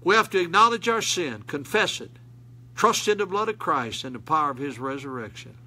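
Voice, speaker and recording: Older pastor preaching with fervor. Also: male voice, fairly high pitch, animated, fairly quick, pushed and bright, slight background noise. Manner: folksy, rising to emphatic preaching. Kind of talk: sermon.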